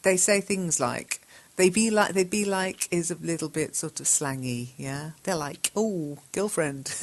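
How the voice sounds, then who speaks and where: A woman's voice: on the low side, expressive, takes it slowly. A woman hosting a live English-learning chat, reading learners' messages aloud, correcting their spelling and grammar, and laughing often.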